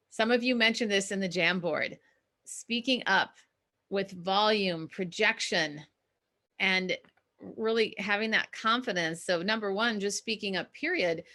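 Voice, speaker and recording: A middle-aged woman from Minnesota, a communication coach teaching an online class in an energetic, emphatic and encouraging way. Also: mid-range voice.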